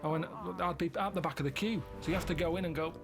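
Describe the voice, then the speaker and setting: A man, a radio show regular telling rambling stories in deadpan casual banter. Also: a little high, racing, music in the background.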